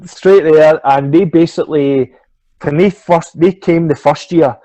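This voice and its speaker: A man's voice: on the high side, measured pace, mellow, dry recording. A middle-aged Scottish man, a swimming coach, telling a long sporting anecdote in casual chat, swearing freely and acting out the voices of the people in it. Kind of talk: casual storytelling interview.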